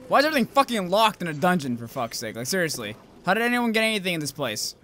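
Young guy swearing at a game, bright voice, jumps all over, bit of noise. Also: high-pitched, very animated, fast talker. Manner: loud outbursts, heavy swearing, self-mocking asides. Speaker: gameplay commentator. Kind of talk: swearing, excitable let's-play commentary.

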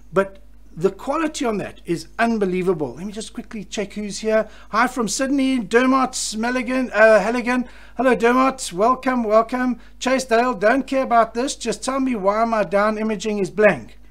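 A man hosting a live stream, chatting enthusiastically and reading out viewer comments, often restarting his sentences. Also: high voice. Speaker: host of a live fishing electronics show.

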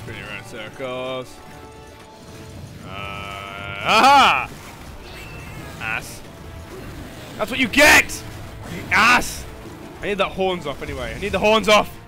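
Excitable young man yelling over a game. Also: high-pitched. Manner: excitable, swings from loud outbursts to muttering; swears and yelps at the game. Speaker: gaming commentator. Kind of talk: live gameplay commentary.

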